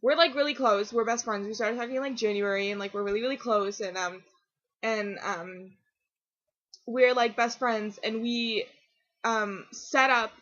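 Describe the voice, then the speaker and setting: A teenage girl chatting casually to her camera at home, rambling and excitable, full of fillers and restarts. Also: fairly high pitch, normal speed. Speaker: vlogger. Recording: dull lo-fi webcam audio.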